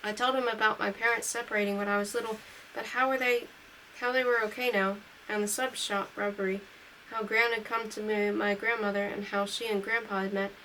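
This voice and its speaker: A woman reads a novel aloud in an unpolished, home-recorded way, pausing to correct her own slips. Her voice sits in a middle pitch and gets a little brighter and louder on the characters' lines. A faint steady hiss runs under the recording. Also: low-quality recording. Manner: reads dialogue lines a little louder and livelier than narration. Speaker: audiobook reader. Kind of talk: amateur read-aloud of a novel.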